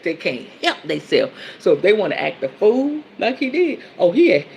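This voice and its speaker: Laughing, candid woman with a gravelly voice. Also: mid-range voice, very animated, normal speed, darkish tone, lo-fi sound, a little hiss or hum. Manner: candid, laughing, talks straight to listeners as y'all. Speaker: podcast host and women's counselor. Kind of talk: casual storytelling monologue.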